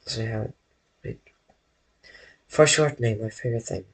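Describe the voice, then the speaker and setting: This man's voice is on the low side and creaky. He rambles slowly to his stream viewers while drawing in his bedroom, frequently correcting himself and talking to chat in a casual way.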